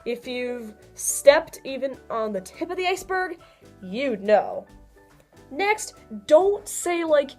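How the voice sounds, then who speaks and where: Young woman vlogging, kinda high voice, chatty and giggly, faint music behind. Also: slow pace. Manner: chatty, laughs often, lively swings in pitch. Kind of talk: casual advice vlog.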